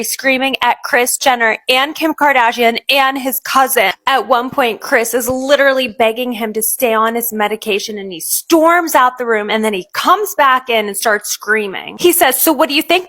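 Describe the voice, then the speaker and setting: A woman giving animated reaction commentary in an online video. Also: high-pitched. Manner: animated, acts out quoted people.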